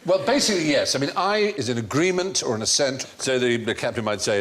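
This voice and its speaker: A man's voice: mid-range voice, expressive, fast talker, few pauses, a bit bright. A man with an English accent hosting a studio panel quiz show, explaining facts in an erudite way and laughing often. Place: TV studio with audience.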